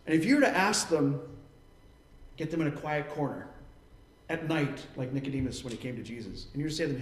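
A man's voice: a little high, a little fast, pauses often, echoey room, slight background noise. A man preaching a sermon in an earnest tone. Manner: earnest preaching, acting out quoted voices. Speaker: pastor.

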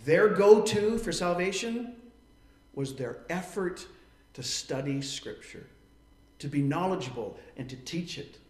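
A man's voice: fairly high pitch, animated, unhurried, reverberant. A man preaching a sermon in an earnest tone. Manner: earnest preaching, acting out quoted voices. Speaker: pastor.

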